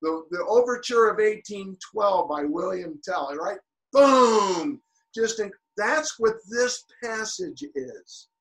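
A man preaching a sermon, building to shouted peaks and then dropping quiet, with halting restarts. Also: sits high, expressive, rough recording.

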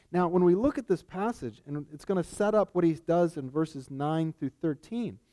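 A man's voice: sits high, dark tone. A man preaching a sermon in a casual, conversational way, often checking in with his listeners. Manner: conversational, frequent "right?" asides.

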